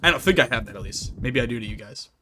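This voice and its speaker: A man's voice: mid-range voice, expressive, fast talker, pushed and bright, faint music behind. A young man with a Midwestern accent, chatting casually on a live stream in a rambling, filler-heavy way. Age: young adult.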